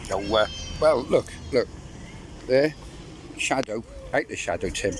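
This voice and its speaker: A man's voice: mid-range voice, lively intonation, a little slow, a little hiss or hum. A middle-aged man giving a casual walking tour outdoors, talking to his viewers with chatty, wry asides. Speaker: travel vlogger. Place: outdoors, walking through town streets and a park.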